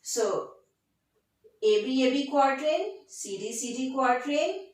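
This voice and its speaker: Slow, deliberate woman teaching literature. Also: high-pitched, lively intonation. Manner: slow, deliberate, checks in with "right?". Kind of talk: classroom lecture. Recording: very echoey room.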